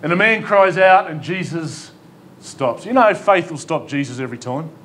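A man's voice: fairly high pitch, lively intonation, normal speed, a bit bright, a little hiss or hum. A man with an Australian accent, a pastor preaching a sermon in an emphatic, pleading way, with rhetorical questions and humor. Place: church hall.

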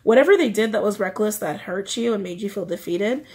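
A woman's voice: mid-range voice, expressive, a little fast, a little mellow, slightly rough. A woman giving a casual tarot reading, chatty, often repeating her phrases. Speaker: tarot reader.

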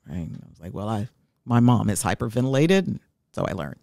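A woman's voice: very deep voice, sing-song, a little fast, creaky, no room sound, studio quality. A woman in her fifties, a guest telling her life story in an interview, heartfelt and reflective.

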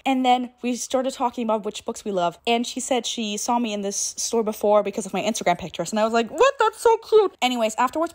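A young woman chatting in a casual vlog, gushing about books and shopping in a chatty, enthusiastic way. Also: mid-range voice. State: out of breath. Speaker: book vlogger.

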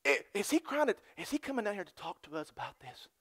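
A man voicing worried male disciples in a boat, muttering low and sheepish. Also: sing-song, quick pace, vocal fry, fairly bright tone, slightly rough, dry recording, heavily acted.

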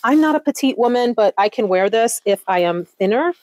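A middle-aged woman vlogger chatting to her viewers as she sorts clothes, gushing and excitable. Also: a little high, fairly quick, no echo, poor audio. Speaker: closet declutter vlogger. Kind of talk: casual chat to camera.

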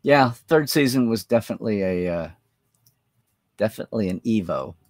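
A male live-stream host talks through viewer comments in a loose, rambling way, with lots of fillers as he thinks aloud. His pitch moves in a lively, animated way. The sound is close and dry, with no room echo. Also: normal speed.

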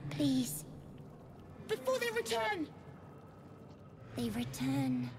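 Begging childlike brain creature, high, sing-song, slow, eerie; noisy game track. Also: female voice, sing-song, heavily acted. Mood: pleading. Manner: slow, begging, drifting to whispers.

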